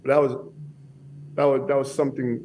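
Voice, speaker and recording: A man guest telling a story on a casual podcast, halting and often repeating his words. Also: mid-range voice, little pitch movement, a little mellow, slight background noise. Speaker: guest bodybuilder.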